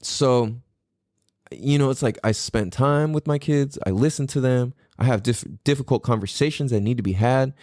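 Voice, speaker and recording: A man's voice: mid-range voice, normal speed, no echo, studio quality. A middle-aged man hosting a podcast, telling stories in a casual, profane way and acting out the things he said. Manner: profane, animated storytelling, acts out his own quotes. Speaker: podcast host.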